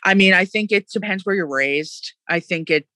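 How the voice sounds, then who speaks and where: A woman in casual podcast chat about mindset, emphatic and animated, often acting out quoted voices. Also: on the low side, normal speed, dry recording.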